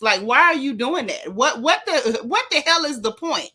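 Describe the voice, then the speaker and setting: A woman's voice: sits high, lively intonation, normal speed, pushed and bright, slightly rough. A woman hosting a casual chat, talking emphatically and at length about her opinions. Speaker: host.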